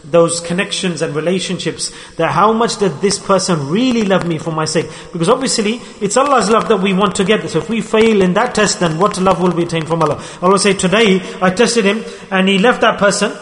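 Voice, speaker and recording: Male preacher, middle-aged, high voice, story-driven sermon, reverberant hall. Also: a little fast, few pauses, fairly bright tone. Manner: storytelling, acts out dialogue, rising and falling delivery. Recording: echoey hall with long reverb.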